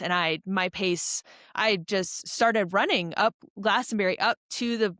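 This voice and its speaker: A young woman recounts a race in a loose, chatty way, stumbling over restarts and fillers as she goes. Her voice sits at an ordinary middle pitch, and the sound is dry, with almost no room in it. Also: measured pace, no echo. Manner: animated, rambling storytelling with many fillers and restarts. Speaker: podcast guest, ultra runner. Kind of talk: casual storytelling interview.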